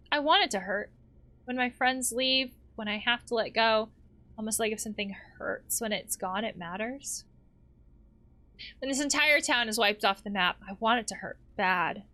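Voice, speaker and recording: Bright, lively woman reading game dialogue. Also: fairly high pitch, moderate pace, pauses often. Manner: voices the game characters while reading. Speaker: let's play host.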